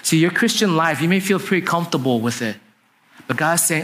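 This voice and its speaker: A male pastor preaching in a loose, chatty way, telling a story and often asking his listeners "right?" to keep them with him. His voice sits a little higher than most men's. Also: lively intonation, fairly quick, a bit bright, slight background noise. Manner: conversational, often asks "right?" to the congregation. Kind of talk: sermon storytelling.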